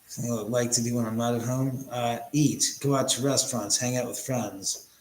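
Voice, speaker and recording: A man chats loosely with his livestream viewers, rambling and trading crude jokes. His voice sits at an ordinary middle pitch. He talks in an echoey room in a house. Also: fairly even intonation, brisk, slight background noise. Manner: rambling, joking, crude banter. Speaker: livestream host. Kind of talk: casual livestream chat with viewers.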